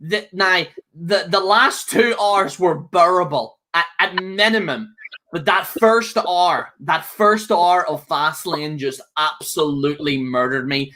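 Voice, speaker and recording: A man co-hosts a wrestling chat with a bright, forceful tone. He rants angrily and swears freely. He circles back on his own words and keeps checking in with "okay?". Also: on the high side, takes it slowly. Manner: angry, profane, repeats himself, keeps ending with "okay?". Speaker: co-host. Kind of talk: casual podcast rant.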